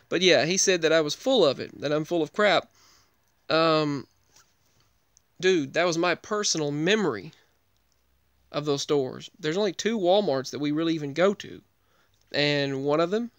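A man with a fairly high, smooth voice talks through his feelings in a subdued, rambling, heartfelt way on a podcast. The sound is dry and close to the mic. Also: fairly bright tone, dry recording. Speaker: podcast host. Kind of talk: emotional personal talk.

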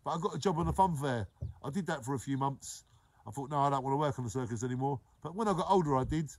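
A man, hosting a daily live show and warmly giving repeated shout-outs to viewers by name. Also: medium pitch, expressive, quick pace, no room sound, rough recording. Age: 40s. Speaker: live-stream host.

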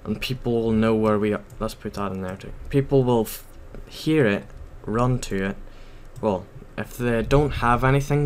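A man's voice: lowish voice, a little hiss or hum. A man giving casual gameplay commentary while playing at his computer, rambling and hesitant, full of ums and self-corrections. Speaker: gaming YouTuber.

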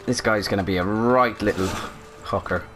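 A man's voice: on the low side, normal speed. A man giving chatty, flustered commentary as he plays a video game at home, often apologizing. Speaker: let's play host. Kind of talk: casual gaming commentary. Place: at home with a barking dog.

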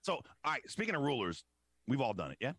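Podcast co-host, young man, animated storyteller; bright tone, dry close sound. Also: fast, no room sound. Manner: animated, acts out quotes with big pitch swings, laughs often. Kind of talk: casual storytelling chat.

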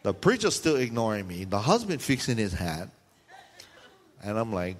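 Animated preacher telling a comic story. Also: male voice, normal speed. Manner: animated, jumps into high squealing voices for the people in his stories.

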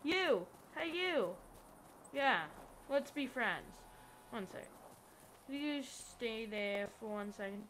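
A woman giving excitable let's-play commentary, yelping and chatting to the characters in her game. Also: fairly high pitch, slow, long pauses, noisy background. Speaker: gamer.

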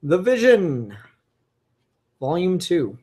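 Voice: medium pitch, big pitch swings, slow pace, a little mellow, a little hiss or hum. A comic book reviewer talking casually and enthusiastically, rambling with frequent fillers and restarts. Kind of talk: casual solo review podcast.

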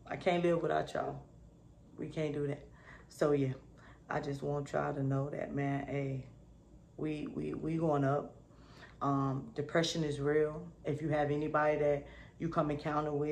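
A woman's voice: deep voice, creaky. A woman vlogging to camera in a casual, upbeat, slangy way, often asking "you feel me". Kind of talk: casual motivational talk to camera.

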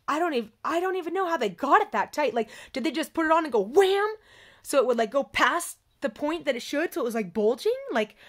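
A young woman vlogger telling a personal story in a distressed, emphatic monologue, her voice swinging between raised cries and low, quiet passages.

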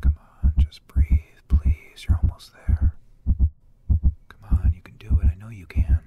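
A man's voice: low-pitched, very animated, a little fast, slightly rough, no echo, narrow, tinny audio, exaggerated voice. An actor playing an anxious man whose inner voice mocks him bitterly and swears at him, in a short film voice-over. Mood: whispered coaxing. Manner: mocking, bitter, swearing self-talk. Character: anxious man taunted by his own inner critic.

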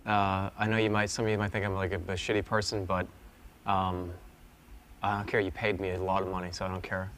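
A man's voice: sits low, level tone, fairly quick, a bit bright, slight background noise. A man streaming a game, rambling through jokey mock apologies to his chat. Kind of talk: casual live-stream commentary.

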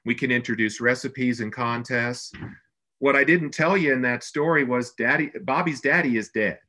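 A man's voice: medium pitch, normal speed, sharp tone. A man presenting a business webinar as a brand consultant, speaking in an earnest, conversational way with emphatic stresses.

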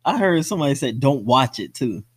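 A man's voice: medium pitch, big pitch swings, brisk, breathy edge, no echo. Laid-back young man from South Florida. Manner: laid-back, explains street slang, says "you know what I'm saying" often. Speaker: movie podcast co-host. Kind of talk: casual movie discussion.

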